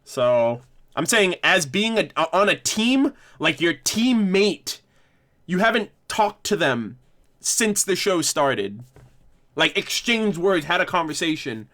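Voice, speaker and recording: A man's voice: sits high, big pitch swings, takes it slowly, a bit bright. A man hosting a casual livestream discussion, rambling and correcting himself with frequent laughs. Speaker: livestream host.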